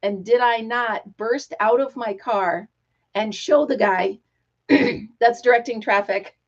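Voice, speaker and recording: A middle-aged woman hosting a casual live stream, talking excitedly and telling stories with quoted voices. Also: on the high side, takes it slowly. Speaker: livestream host. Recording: dull lo-fi live-stream audio.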